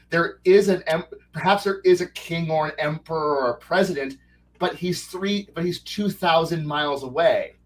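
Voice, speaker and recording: A man chatting casually as a podcast guest, rambling with many false starts and restarts, animated enough to slip into quick character voices. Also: fairly high pitch, far from the mic, low-quality recording. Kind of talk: casual chat.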